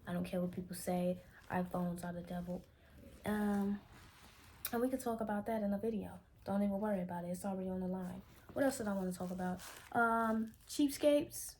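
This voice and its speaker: Quick and steady, her low, dark-toned voice carries this young Chicago vlogger's candid, rambling talk, full of self-corrections. She has a Chicago accent and films unscripted on her phone, with a touch of background noise.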